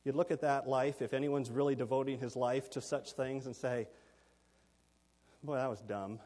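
A man's voice: medium pitch, level tone, brisk, darkish tone, in a large hall. A man preaching a sermon, explaining scripture verse by verse and giving note points for listeners. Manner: expository, explains Greek words, gives note points.

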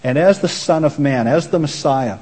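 A man's voice: a little high, animated, normal speed, darkish tone, breathy edge. A man preaching a sermon as pastor, earnest and emphatic, quoting voices as he goes. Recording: long reverb of a hall.

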